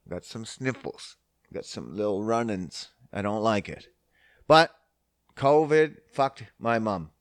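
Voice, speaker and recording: A man's voice: mid-range voice, no room sound, clean studio sound. A man hosting a solo podcast, ranting in a sarcastic, profane, exasperated way. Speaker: podcast host. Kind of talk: casual solo podcast rant.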